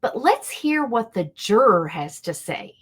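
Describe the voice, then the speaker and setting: Hosting a casual YouTube reaction commentary channel, a woman with a fairly high, slightly rough voice speaks unhurriedly. She's chatty and animated and addresses her viewers directly.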